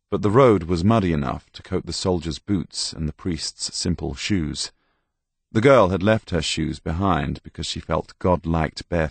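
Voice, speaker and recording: A man narrating an audiobook in a very deep voice with a gravelly edge. His storytelling is measured and deliberate, taken at a slow pace. The recording is dry and close. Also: dry recording. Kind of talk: scripted narration.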